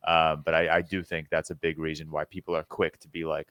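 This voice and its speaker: Deep-voiced young man chatting casually. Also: monotone, a little fast, hardly any pauses, a bit bright, clean tone, dry recording. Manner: rambling, filler-heavy, restarts often. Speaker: podcast co-host. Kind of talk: casual chat.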